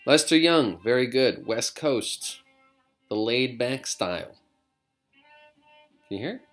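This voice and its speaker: A man's voice: mid-range voice, slow, faint music behind. A man, a comedian, chatting casually and rambling from his living room, drifting between digressions with self-mocking humor. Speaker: comedian vlogger.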